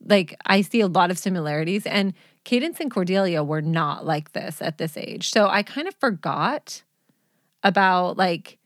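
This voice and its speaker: A woman's voice: lowish voice, animated, moderate pace, no room sound, clean studio sound. A woman in her forties, a mother co-hosting a podcast from home, telling stories bluntly and laughing often. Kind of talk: casual chat.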